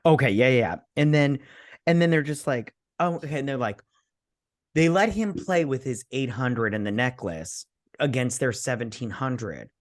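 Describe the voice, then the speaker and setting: A man's voice: mid-range voice, normal speed. Tipsy guy rambling thru a movie review, voice bouncing all over the place. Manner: rambling, animated storyteller with many restarts. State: tipsy from drinking. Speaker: podcast co-host. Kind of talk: casual movie review chat.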